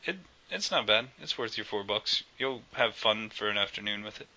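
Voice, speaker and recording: A man with a very bright, forceful voice, chatting casually as a podcast co-host. He rambles and jokes, full of fillers and restarts. The audio is dull and lo-fi. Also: lowish voice, moderate pace. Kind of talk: casual gaming podcast chat.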